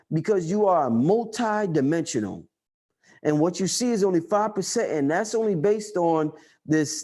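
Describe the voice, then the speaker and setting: Emphatic high-voiced man ranting. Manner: loud, emphatic, profane preaching; reads and answers viewer chat. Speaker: livestream host. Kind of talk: livestream rant.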